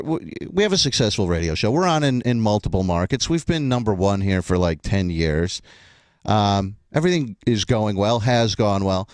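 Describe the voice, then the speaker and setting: A man's voice: lowish voice, no room sound. A man hosting a radio show, chatting casually and self-deprecatingly with a guest in the studio.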